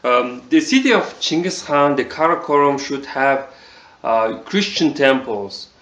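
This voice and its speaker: A man with a Mongolian accent giving a casual spoken review, halting and full of fillers. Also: medium pitch, animated, fairly bright tone, echoey room. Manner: halting, many fillers like "you know, this". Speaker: video reviewer.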